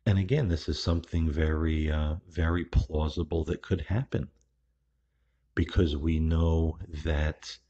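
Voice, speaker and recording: A man hosts a podcast in a very deep voice that is husky and rough. He talks in a relaxed, unhurried monologue and often restarts his sentences. The recording sounds somewhat muffled and lo-fi. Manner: unhurried, with frequent restarts and fillers. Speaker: podcast host. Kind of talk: casual spoken monologue. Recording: dull, lo-fi recording.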